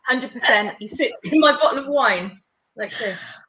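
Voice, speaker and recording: A woman's voice: on the high side, animated, normal speed, bright, forceful tone, a little hiss or hum, poor audio. A woman co-hosting a live stream, cheeky and giggly as she jokes with the others. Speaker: co-host.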